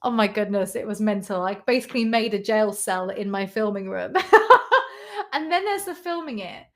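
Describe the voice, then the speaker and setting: A woman's voice: medium pitch, expressive, fairly quick. A young British woman chatting casually on a livestream, reading out viewer comments, rambling and laughing often. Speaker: YouTuber reading live chat.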